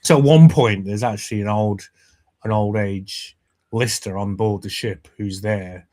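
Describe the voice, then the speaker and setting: A man co-hosting a casual podcast chat, retelling scenes in an animated way and laughing as he quotes the lines. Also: on the low side, a little slow. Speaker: podcast co-host.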